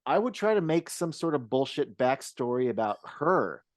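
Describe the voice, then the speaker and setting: A man's voice: mid-range voice, sing-song, moderate pace, no room sound, studio quality. A man co-hosting a podcast, talking through a film casually, with restarts and the odd curse word. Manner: rambling, frequent restarts, casual swearing. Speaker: podcast co-host.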